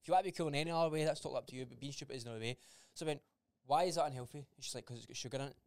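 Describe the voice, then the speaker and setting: A young man talks quickly in a blunt podcast chat, swearing freely and acting out old conversations. His voice is smooth and clear. The sound is dry and close. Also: medium pitch, no room sound. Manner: blunt, swears freely, acts out quoted dialogue. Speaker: podcast co-host. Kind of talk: casual chat.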